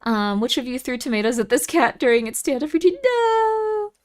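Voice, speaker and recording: A woman's voice: high voice, sing-song, moderate pace. A young woman streaming and chatting casually with viewers, giggly and easily moved, with lots of fillers.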